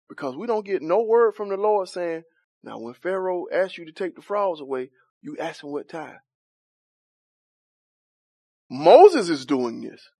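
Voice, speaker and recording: A man's voice: high-pitched, no echo. A man leading an interactive Bible study, asking the group questions, chuckling often and talking in a loose, informal way.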